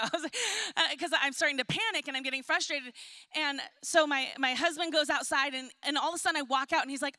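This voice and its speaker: A woman pastor delivers a sermon in a high, bright voice. The sound is close and dry. She tells stories with humor and reads scripture in a soft, slow tone. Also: steady tone, no room sound. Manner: storytelling with laughs and acted-out quotes; reads scripture softly and slowly.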